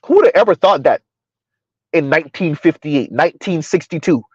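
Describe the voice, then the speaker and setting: A man with a slightly high voice, talking through a casual commentary stream. He argues in rhetorical questions and keeps checking in with "right?" and "huh?". The sound is dry and a little dull, like a home setup with a modest mic. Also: lively intonation, a little fast, a little mellow, dry recording. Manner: rhetorical, repeats "who would have ever thought" and "right? huh?"; talks about himself in third person. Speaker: commentary host.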